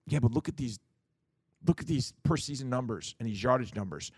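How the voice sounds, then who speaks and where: A middle-aged man co-hosting a sports talk show, making his case in a lively, casual way, often acting out what others would say. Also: mid-range voice, fairly quick, breathy edge, no room sound. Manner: animated, acts out quoted voices, repeats words.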